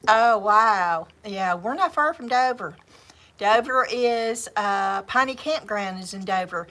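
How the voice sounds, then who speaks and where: A woman's voice: medium pitch, expressive, slow pace, pushed and bright. A woman with a Southern US accent, hosting a livestream in a rambling, chatty way with repeated words and laughs. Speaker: livestream host. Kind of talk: casual chat. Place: home craft livestream.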